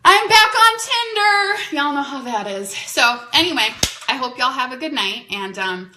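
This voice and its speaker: A woman's voice: fairly high pitch, normal speed, background noise. Chatty woman in an echoey room. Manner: chatty, animated, many "like"s. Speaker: podcast host. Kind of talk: casual storytelling.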